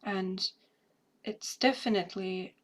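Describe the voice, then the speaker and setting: Slow, halting woman describing impressions. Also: medium pitch. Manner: emotional, laughing and tearful. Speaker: remote viewer. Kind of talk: recorded remote viewing session.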